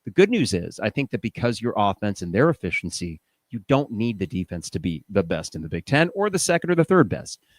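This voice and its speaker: A man's voice: lowish voice, very animated, fairly quick, no room sound. A man hosting a fan podcast, giving opinionated, casual commentary and thinking aloud with rhetorical questions. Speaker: podcast host.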